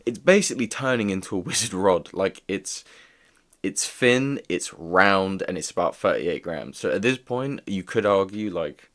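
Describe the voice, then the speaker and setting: Deep-voiced man rambling casually. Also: expressive, moderate pace, fairly bright tone. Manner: rambling, full of "like" fillers. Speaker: toy reviewer. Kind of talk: casual video review.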